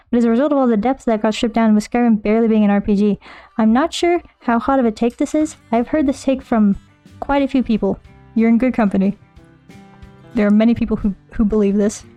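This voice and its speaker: Mellow-voiced woman chatting while streaming. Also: a little high, dry recording. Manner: rambling, chatty, thinks aloud and answers chat. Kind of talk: casual live-stream chat while playing.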